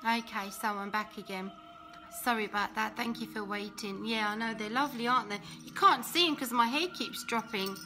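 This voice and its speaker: A woman chatting casually to viewers on a live phone video from home, emotional and quick to laugh, a little out of breath. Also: a little high, over music. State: slightly out of breath. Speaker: Christian vlogger.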